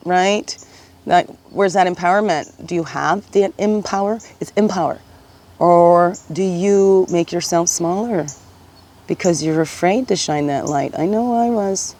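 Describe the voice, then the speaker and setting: A woman giving a casual spiritual card reading, musing gently and often checking in with "right?". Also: on the low side, moderate pace.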